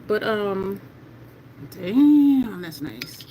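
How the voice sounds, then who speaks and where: Excitable chatty beauty livestream host. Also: mid-range voice, moderate pace, slight background noise. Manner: excitable, chatty, talks to chat as "y'all". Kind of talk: casual livestream makeup swatching. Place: at home in Delaware.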